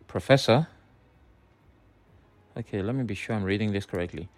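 A man with a Nigerian English accent hosting a phone-in radio talk show, briskly reading listener messages aloud with loud emphasis. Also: on the low side, no room sound.

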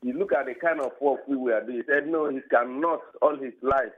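A Nigerian caller tells his story in an earnest, halting way. His voice comes through thin and tinny over a phone line and sounds slightly husky. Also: mid-range voice.

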